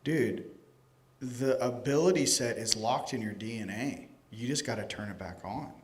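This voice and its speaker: A man giving a casual, joking lecture to a live conference audience, animated and profane, addressing people directly. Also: medium pitch, moderate pace. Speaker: conference speaker. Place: conference hall stage.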